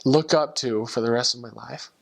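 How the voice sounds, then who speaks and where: A man's voice: mid-range voice, moderate pace, gravelly. Earnest young man telling a heartfelt story. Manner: earnest, heartfelt, with frequent restarts. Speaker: returned missionary. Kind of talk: personal storytelling.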